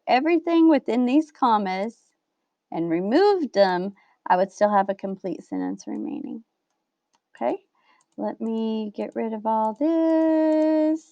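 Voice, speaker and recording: A woman's voice: mid-range voice, a little mellow, no echo. A woman teacher giving a recorded grammar lesson, patiently explaining step by step and checking in with "right?". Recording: dull lo-fi dry recording.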